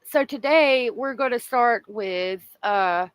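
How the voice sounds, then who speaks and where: A woman's voice: a little high, takes it slowly, clear, resonant tone, dry recording. A woman hosting a true crime livestream, talking casually and emotionally and answering viewers in the chat.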